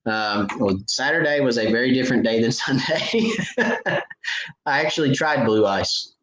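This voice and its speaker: A man's voice: mid-range voice, moderate pace, fairly bright tone, reverberant, low-quality recording. A man hosting a fishing show, telling stories and answering viewer questions in a casual live chat, laughing at his own stories. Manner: chatty storyteller, laughs at own stories, many restarts.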